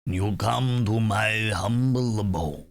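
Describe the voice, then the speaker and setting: A man putting on a slow, theatrical voice of an old male vampire count. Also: lowish voice, faint music behind.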